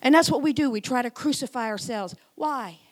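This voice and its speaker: A woman in her sixties preaching a sermon in church, moving from loud emphatic lines to hushed, whispered ones. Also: high-pitched, brisk. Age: 60s.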